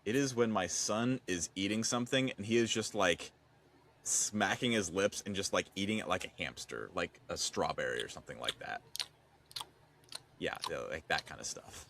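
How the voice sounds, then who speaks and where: A man co-hosting a podcast, chatting casually with animated, expressive swings in his delivery. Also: low-pitched, normal speed. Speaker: podcast co-host. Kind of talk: casual chat.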